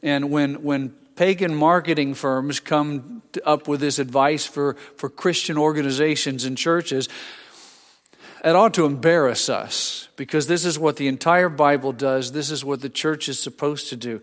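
A man's voice: on the high side, fairly even intonation, normal speed. Older male pastor preaching in a reverberant hall. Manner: conversational preaching with frequent restarts and asides. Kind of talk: sermon.

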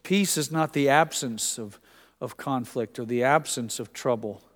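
An older man preaching a sermon to his congregation, conversational in tone with dramatic shifts from quiet to loud. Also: medium pitch, unhurried. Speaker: pastor. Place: church sanctuary. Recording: long hall reverb.

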